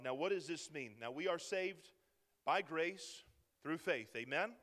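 A man preaching a sermon with passion. He swings from fervent near-shouting peaks down to low, hushed lines. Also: normal speed. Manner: impassioned, rising to near-shouting peaks then dropping low. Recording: long reverb of a large hall.

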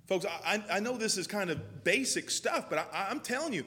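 A man's voice: high-pitched, lively intonation, a little fast, pushed and bright. Man, pastor, emphatic repetitive preaching, sermon, church with long echo. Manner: emphatic preaching with repeated phrases.

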